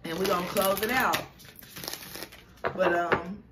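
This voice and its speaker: A woman's voice: fairly low pitch, steady tone, slow pace, very noisy. A woman giving a spiritual tarot reading to her viewers, emotional and affirming, repeating herself as she gets choked up. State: choked up, near tears. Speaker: tarot reader.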